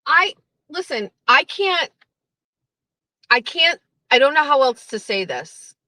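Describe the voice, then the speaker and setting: A woman's voice: sits high, slow pace, no room sound, low-quality recording. A woman hosting her own stream, ranting about online drama with heavy swearing and mocking impressions of other people. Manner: profane, animated, mocking impressions. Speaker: streamer host. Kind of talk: ranting commentary.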